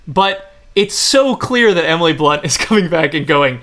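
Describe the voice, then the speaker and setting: A man's voice: on the high side, animated, moderate pace, few pauses, fairly bright tone. A man co-hosting a podcast, talking animatedly about a film and laughing between points. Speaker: podcast co-host. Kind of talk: casual film discussion.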